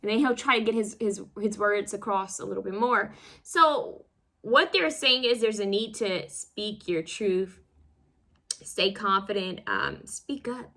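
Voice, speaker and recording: A woman's voice: mid-range voice, lively intonation, measured pace, fairly bright tone. A woman giving a casual pick-a-card tarot reading, rambling and self-conscious, full of fillers and restarts as she fumbles over her words.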